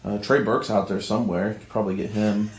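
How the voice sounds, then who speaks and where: A man's voice: lowish voice, steady tone, brisk, a little hiss or hum. A man co-hosting a sports podcast, sarcastic and wisecracking in casual chat. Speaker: podcast co-host. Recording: echoey room.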